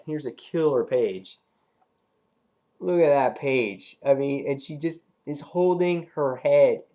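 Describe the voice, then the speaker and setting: A man with a slightly high voice talks through a comic book issue in a loose, casual way. He gets worked up as he retells the fight scenes and jumps into the characters' lines with a raised voice. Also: darkish tone. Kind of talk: casual video review.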